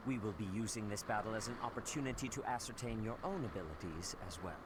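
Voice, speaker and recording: A man's voice: lowish voice, fast, noisy background, natural voice. A man voicing a stern, strict church official. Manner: formal, stern and clipped.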